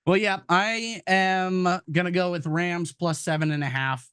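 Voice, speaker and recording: A man co-hosting a casual sports betting podcast, joking loudly and swearing freely. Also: sits high, fairly even intonation, measured pace, smooth, no echo, studio quality. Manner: loud, jokey, swears a lot. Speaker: podcast co-host.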